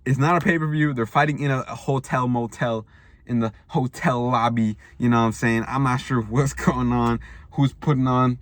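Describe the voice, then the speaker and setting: A man's voice: medium pitch, dry recording. A young man hosting a casual boxing news vlog from a parked car, rambling in slang with frequent restarts. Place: parked car in a school parking lot.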